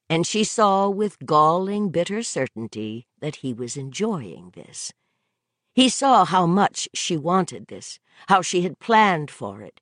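Woman audiobook narrator, measured and expressive, dry studio sound. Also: low-pitched, dry recording. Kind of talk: scripted narration.

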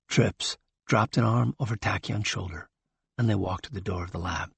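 A man reads a novel aloud in a steady, measured way. His voice sits at a middle pitch with a husky grain. The recording is dry and close. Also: no echo. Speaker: audiobook narrator. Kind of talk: scripted narration.

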